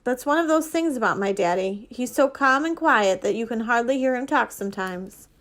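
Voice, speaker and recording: A woman, a librarian, reading a children's novel aloud in a steady, expressive way. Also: on the high side, moderate pace. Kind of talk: storybook reading.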